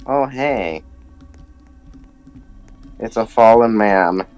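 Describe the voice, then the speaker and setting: A man chatting with friends while they play an online game together, excitable and teasing, shouting warnings when things get tense. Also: lowish voice, drawn-out words, clean tone, dry recording, soft background music. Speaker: player in a group voice chat. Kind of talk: casual gaming chat. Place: at home with a cat nearby.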